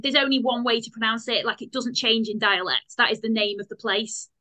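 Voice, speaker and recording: Bright, high British woman co-host. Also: little pitch movement, a little fast. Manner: eager, chatty questions. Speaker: podcast co-host. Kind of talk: casual chat.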